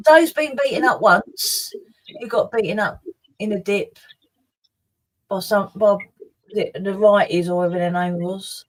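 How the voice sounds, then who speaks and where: Woman, slow unhurried speech, chatty, reminiscing. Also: medium pitch, poor audio. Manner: chatty, reminiscing, easily amused. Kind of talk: casual chat.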